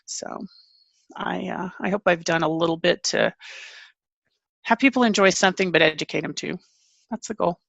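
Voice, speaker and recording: A woman author and family caregiver answering interview questions candidly, with halting restarts. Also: fairly low pitch, gravelly, no room sound, muffled recording.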